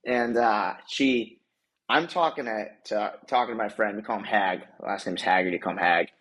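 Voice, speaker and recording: A man's voice: fairly low pitch, normal speed, fairly bright tone, low-quality recording. A young man co-hosting a podcast, telling a rambling, self-correcting story in casual chat and laughing at himself. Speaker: podcast co-host.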